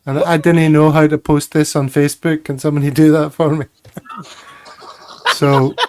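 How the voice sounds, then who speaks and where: A man's voice: fairly high pitch, level tone, normal speed, background noise. A man hosting a casual chat, joking and laughing at his own jokes. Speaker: podcast host.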